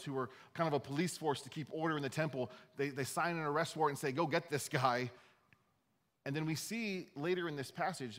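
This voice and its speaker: Man, pastor, sermon, mid-pitched voice, conversational, reads scripture, long hall reverb. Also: fairly bright tone. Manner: conversational preaching with restarts, reads scripture aloud.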